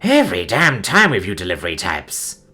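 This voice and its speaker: A man's voice: low voice, wildly swooping pitch, moderate pace, sharp tone, breathy edge, heavily acted. A man voicing a grumbling, brash cat-like alien woman who has just been woken from a nap. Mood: irritated. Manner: grumbling, then purring and flirtatious.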